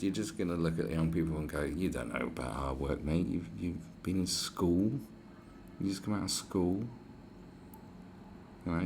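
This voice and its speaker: A British man with an extremely low, gravelly voice rants in a sarcastic, mocking tone. His delivery swings up and down with a lot of pitch movement, and he swears freely. Faint background noise sits under the voice. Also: a little mellow. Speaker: commentary vlogger. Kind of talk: sarcastic rant replying to comments.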